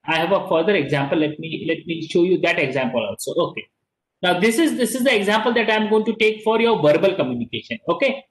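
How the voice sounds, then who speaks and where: A man's voice: high voice, lively intonation, fast, echoey room, low-quality recording. A middle-aged man with an Indian English accent teaching an online class, repeating and stressing key words and slipping into Hindi.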